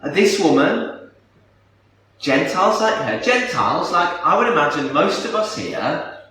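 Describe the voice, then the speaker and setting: A man's voice: fairly high pitch, sing-song, measured pace, bright, forceful tone, a little hiss or hum. A man preaching a sermon as pastor, talking conversationally and asking his listeners rhetorical questions. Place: church hall. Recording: echoey church from a distance.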